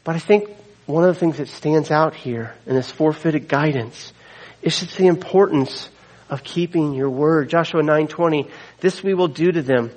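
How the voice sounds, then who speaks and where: A man's voice: on the high side, normal speed, a little mellow, low-quality recording. A middle-aged man preaching a sermon, earnest, weaving in scripture quotes and asides. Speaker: pastor.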